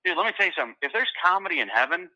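A middle-aged man, a stand-up comedian, telling a story in loose, animated casual conversation, often repeating words as he gets excited. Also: high-pitched, rapid-fire, muffled recording.

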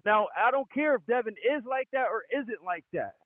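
A man's voice: very high voice, expressive, normal speed, no echo, phone-quality sound. A man co-hosting a boxing podcast, arguing hard, swearing a lot and refusing to be cut off. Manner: insistent, swears a lot, cuts off rebuttals. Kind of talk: heated debate, profane.

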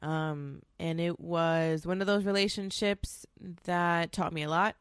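Woman host, solo casual storytelling, low-ish voice, dry close sound, candid and chatty. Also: fairly even intonation, unhurried, clean tone, dry recording. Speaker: podcast host.

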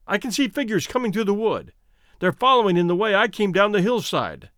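A man's voice: a little high, sing-song, moderate pace, fairly bright tone, no echo, studio quality. A man voicing a proud male nobleman in an audio story, speaking eagerly and calling out. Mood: excited.

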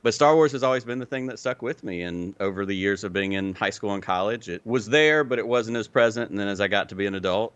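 A man in his forties with a mixed Southern US and Midwestern accent, telling his story as a podcast guest in a relaxed, clearly enunciated way. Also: lowish voice, no echo, muffled recording. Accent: Southern US with a Midwestern touch. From Illinois, raised in Alabama. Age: 40s. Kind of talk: casual interview chat.

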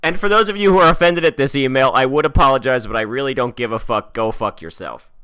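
A man's voice: medium pitch, fast, bright, forceful tone, clear, resonant tone. A man hosting a podcast, doing a profane, ranting dramatic reading of an email. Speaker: podcast host.

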